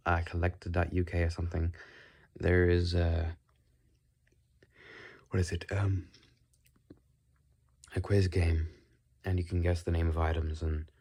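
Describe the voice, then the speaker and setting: A man rambles calmly in a put-on British accent, his voice low and mellow. His questions come out with an inquisitive lilt. His mouth sounds dry as he speaks. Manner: calm, musing, inquisitive tone. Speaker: video creator. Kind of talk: rambling solo monologue.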